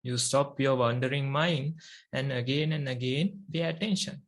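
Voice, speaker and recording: In a mid-range voice, a monk whose first language is Sinhala leads a meditation talk with a Sri Lankan accent. He speaks slowly and measuredly, leaving long pauses between phrases.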